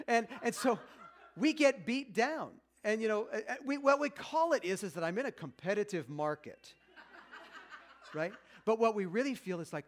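A man's voice: high-pitched, lively intonation, brisk. A man in his fifties giving a chatty, self-mocking talk on marriage to a live audience, acting out quoted voices. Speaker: speaker at a marriage seminar.

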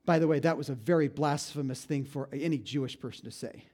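A man preaching a storytelling sermon, retelling events dramatically and conversationally, often dropping into hushed tones and adding asides to his listeners. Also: medium pitch, fast talker. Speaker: pastor.

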